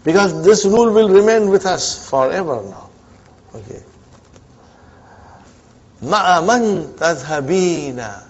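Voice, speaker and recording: A man with a fairly high voice leads an Arabic grammar lesson, quizzing his class and repeating the answers back. The sound is dull and lo-fi, like an old classroom recording. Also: expressive, slow, pauses often. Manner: drills students with frequent "huh?" and repetition; mixes Arabic phrases into English teaching. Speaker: Arabic teacher. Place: community centre classroom.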